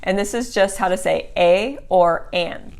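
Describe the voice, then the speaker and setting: Lower-voiced woman teaching a language lesson. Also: a little mellow. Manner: patient, repeats words slowly and clearly; casual tag questions like okay and right. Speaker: Italian teacher.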